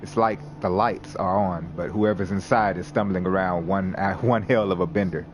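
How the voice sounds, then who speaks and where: Deep-voiced man narrating a game. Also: steady tone, normal speed, over music. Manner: laughs and corrects his own misreads. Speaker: let's play narrator. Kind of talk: reading a visual novel aloud with commentary.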